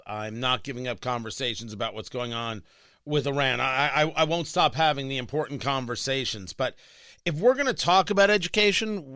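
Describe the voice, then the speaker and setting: A middle-aged man hosting a talk radio show, opinionated and animated, often restarting his sentences. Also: medium pitch, no room sound. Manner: animated, opinionated, self-amused, frequent restarts. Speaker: radio and podcast host.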